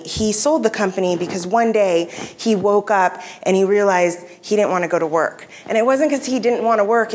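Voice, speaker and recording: A woman's voice: mid-range voice, slight background noise. A woman giving a conference keynote, telling stories in a conversational way with frequent fillers and restarts. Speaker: keynote speaker. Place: convention hall stage.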